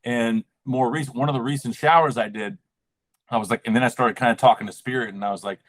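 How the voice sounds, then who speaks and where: A man's voice: mid-range voice, steady tone, quick pace. A man in casual podcast chat, rambling with lots of fillers and the odd swear. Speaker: podcast guest.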